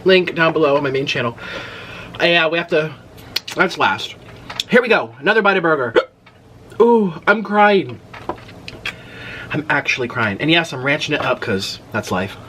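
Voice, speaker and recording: Young male mukbang host, casual and animated, voice on the higher side. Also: normal speed, pauses often, slight background noise. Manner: animated, exclaims loudly at spicy food. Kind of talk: casual eating vlog chat.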